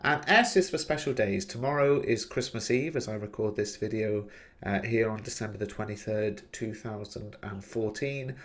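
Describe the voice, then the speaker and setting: A man teaching an exam revision lesson, explaining clearly and stressing key points as he works through examples. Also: fairly low pitch, moderate pace. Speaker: English teacher.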